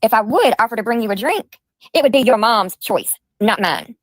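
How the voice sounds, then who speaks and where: A woman delivers a profane, mocking callout rant. Her voice sits a touch high and the sound is close and dry, with no room around it. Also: lively intonation, normal speed, dry recording, low-quality recording. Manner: crude, taunting, profane. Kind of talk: ranting callout.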